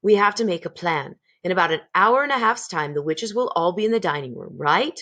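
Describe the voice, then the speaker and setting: A woman reading aloud, voicing a kind, patient elderly grandmother who speaks gently and calmly. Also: lowish voice, fairly quick, heavily acted. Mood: warm. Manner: gentle, composed.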